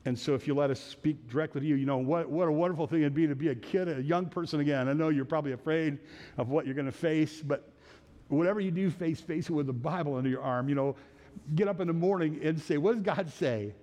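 Here a pastor works through a psalm verse by verse in an earnest sermon, repeating phrases and restarting sentences often. He speaks quickly in a slightly high voice with a dark tone, and the sound is that of a big room.

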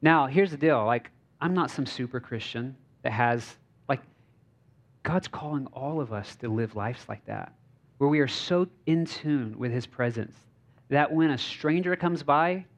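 A male pastor giving a conversational sermon, telling stories informally with frequent fillers and restarts. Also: medium pitch. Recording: slightly dull lo-fi recording.

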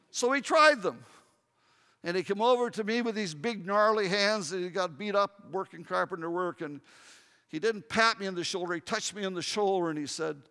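A man preaching a sermon as pastor, earnest, dropping to hushed tones for emphasis. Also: high-pitched, fairly quick. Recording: long hall reverb.

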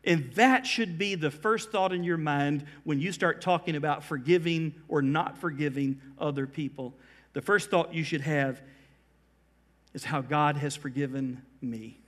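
A middle-aged man preaching a sermon as pastor, building emphasis through repeated phrases and slowing down to stress key words. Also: a little high, fairly bright tone.

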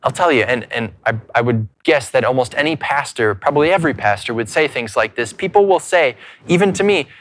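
A man pastor preaching a sermon earnestly, repeating words as he goes and dropping to hushed lows between loud points. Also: animated, fairly quick. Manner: frequent repeated words and restarts.

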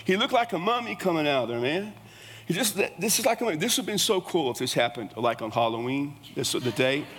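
A man's voice: fairly high pitch, big pitch swings, brisk, fairly bright tone, breathy edge. A man preaching a sermon in a folksy, conversational way. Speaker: pastor. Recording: long reverb of a large hall.

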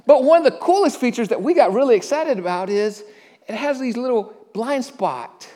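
A middle-aged pastor preaching a sermon, conversational, with frequent stammered restarts and questions to the congregation. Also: male voice, very high-pitched, lively intonation, mellow. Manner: asks the congregation questions and pauses for answers.

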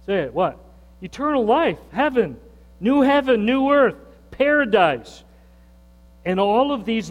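A man preaching a sermon as pastor, emphatic, repeating phrases and putting questions to the congregation. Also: sits high. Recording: reverberant hall with faint mains hum.

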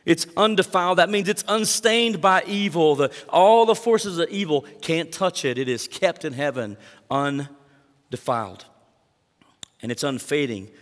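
A pastor giving a sermon, reading verses and explaining them with emphatic rises and asides to the congregation. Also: male voice, fairly high pitch, a little slow, a bit bright, in a large hall.

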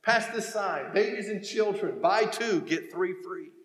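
A man's voice: high voice, unhurried. A man, a guest speaker at a church, telling funny stories with slides and acting out the voices in his punchlines. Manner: animated storytelling with quoted voices and punchlines. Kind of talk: comedic talk with slides. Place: large church sanctuary. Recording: echoey hall, faint noise.

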